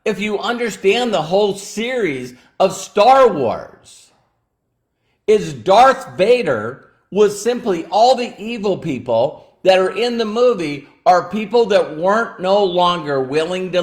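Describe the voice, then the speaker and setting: A man's voice: sits high, animated, unhurried. A man giving a motivational talk as a business mentor, emphatic, acting out the people he quotes.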